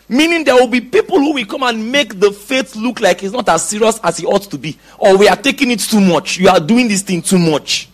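A man's voice: sits high, big pitch swings, moderate pace. A middle-aged man preaching a sermon, reading scripture aloud and asking his congregation questions.

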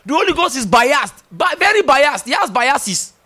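Emphatic high-voiced male preacher. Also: normal speed. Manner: animated, emphatic, teasing, with laughs and acted-out dialogue. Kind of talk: sermon.

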